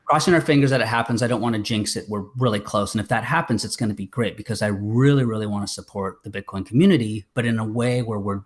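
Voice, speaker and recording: A man's voice: lowish voice, fast, hardly any pauses. A man, a filmmaker guest, chatting casually on a video call, rambling with many fillers and restarts. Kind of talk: casual interview chat.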